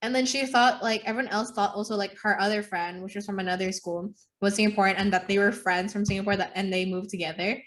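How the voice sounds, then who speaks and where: A woman's voice: mid-range voice, fairly even intonation, fast talker, hardly any pauses, fairly bright tone. A teenage girl from Indonesia co-hosting a podcast. She talks in a casual, blunt way and teases her friend often. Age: teens. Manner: blunt, teasing. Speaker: podcast co-host. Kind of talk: casual chat.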